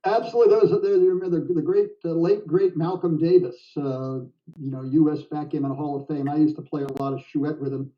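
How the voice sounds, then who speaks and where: A man's voice: a little high, steady tone. Older man, chatty game commentary. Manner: chatty, jokey, quick to laugh. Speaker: backgammon commentator. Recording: dull, distant sound.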